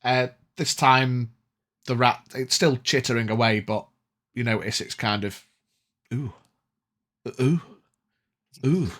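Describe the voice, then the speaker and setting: A man narrating as game master of a tabletop game, laid-back and unhurried. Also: medium pitch, fairly even intonation, a bit bright.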